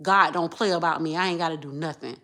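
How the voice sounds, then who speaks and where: Speaking directly to her viewers, a female vlogger delivers an emotional monologue, repeating herself and shifting from low muttering to loud outbursts. Her tone stays steady and her pace is quick.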